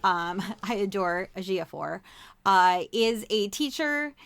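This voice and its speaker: A woman's voice: medium pitch, lively intonation, slow, creaky, fairly bright tone, smooth, no room sound. A woman co-hosting a casual podcast, chatty and self-deprecating, laughing easily. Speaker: podcast co-host.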